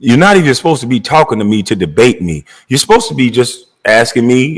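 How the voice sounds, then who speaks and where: Animated, profane man ranting. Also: medium pitch, a little fast, husky, poor audio. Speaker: commentator. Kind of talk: heated monologue rant.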